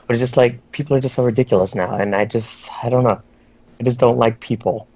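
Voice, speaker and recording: A man's voice: mid-range voice, steady tone, quick pace, dark tone. A man co-hosting a casual gaming podcast, ranting in an exasperated way and mimicking other players. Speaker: podcast co-host. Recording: dull lo-fi stream audio.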